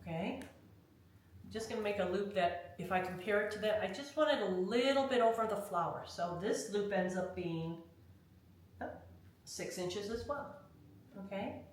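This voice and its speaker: A woman's voice: mid-range voice, animated, unhurried. Woman teaching a craft in an echoey room. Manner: chatty, step-by-step, checks in with "okay?". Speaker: craft instructor. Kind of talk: hands-on craft tutorial. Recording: very echoey room, mic far off, faint noise.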